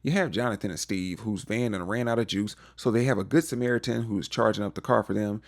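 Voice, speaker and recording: A young man hosting a casual TV recap, animated and joking, acting out the characters' lines with playful slang. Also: lowish voice, fast. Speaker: recap show host.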